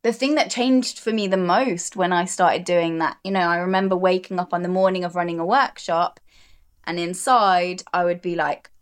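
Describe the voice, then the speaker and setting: A woman's voice: fairly low pitch, moderate pace, clear, resonant tone. Woman, podcast guest, coach, reflective, earnest, emphatic repetition, casual chat.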